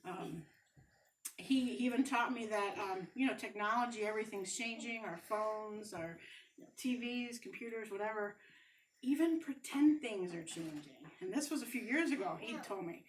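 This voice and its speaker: A woman's voice: mid-range voice, moderate pace, recorded from a distance, slight background noise, rough recording. A woman in her forties doing stand-up comedy, telling rambling, self-deprecating stories about her family with many fillers. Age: 40s. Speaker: amateur stand-up comic.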